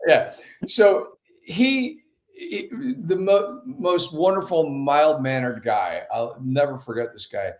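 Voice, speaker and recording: A man in his fifties, a podcast guest, telling a story with lively acted-out dialogue. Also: a little high, slow. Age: 50s. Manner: animated storyteller, acts out dialogue. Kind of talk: conversational storytelling. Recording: echoey room.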